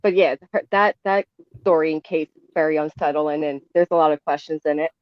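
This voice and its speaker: A woman's voice: low-pitched, fairly even intonation, brisk, a little hiss or hum. A woman from near Philadelphia with a Philadelphia accent, chatting casually on a podcast. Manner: chatty, self-conscious about her accent. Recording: dry, dull lo-fi sound.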